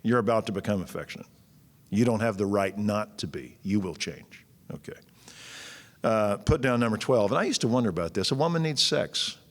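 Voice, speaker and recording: A man's voice: on the low side, expressive, a little fast. A man, preaching a sermon in a folksy, blunt and joking way. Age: 60s. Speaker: pastor. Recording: long church-hall reverb.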